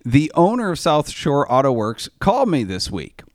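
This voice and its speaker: A man's voice: on the high side, wildly swooping pitch, normal speed, no room sound, studio quality. A man hosting a casual automotive talk show, telling stories in a blunt, joking way with casual slang. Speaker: podcast host. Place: podcast studio.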